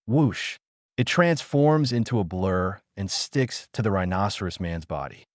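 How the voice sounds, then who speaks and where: A man's voice: sits low, big pitch swings, normal speed, no room sound, clean studio sound. A man narrating an audiobook in a dramatic style, calling out sound effects with punch. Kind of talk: audiobook narration of a fan novel.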